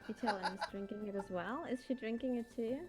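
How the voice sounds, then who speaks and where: A woman's voice: mid-range voice, fast talker, music in the background. A woman playing in a tabletop game, talking in a curious, squeamish way. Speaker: player.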